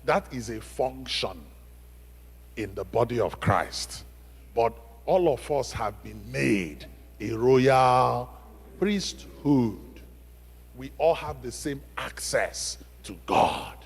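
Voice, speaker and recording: A man preaching a sermon, emphatic, asking the congregation questions and swinging from loud to hushed. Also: mid-range voice, lively intonation, slow, gravelly, slightly rough. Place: church sanctuary. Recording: long reverb of a church hall.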